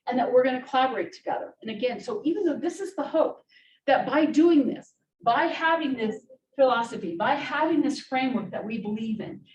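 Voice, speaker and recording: A woman's voice: high-pitched, expressive, fairly quick, darkish tone. A woman presenting on social work, speaking earnestly and often checking in with the audience by asking "right?". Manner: earnest, tag questions like "right?". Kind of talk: conference talk. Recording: roomy, distant mic, faint hiss.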